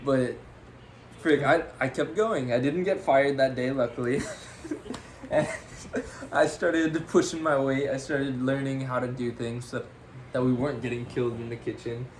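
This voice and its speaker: Speaking at a normal speed in a medium pitch, a young male podcast co-host spins a story in a relaxed, lively way. He laughs a lot and leans heavily on "freaking," with some hiss or hum in the background.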